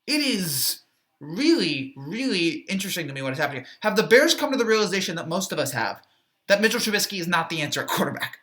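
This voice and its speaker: A man's voice: high-pitched, sing-song, fast, sharp tone. A man giving a rambling, opinionated football recap, full of fillers and restarts, with a sarcastic streak. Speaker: sports reaction YouTuber. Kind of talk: casual football recap monologue.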